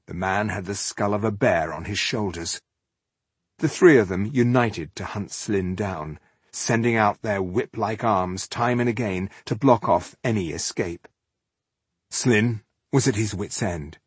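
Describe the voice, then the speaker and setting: A man narrating a fantasy story in a steady, measured way, recorded close and dry. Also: on the low side, breathy edge, dry recording. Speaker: audiobook narrator.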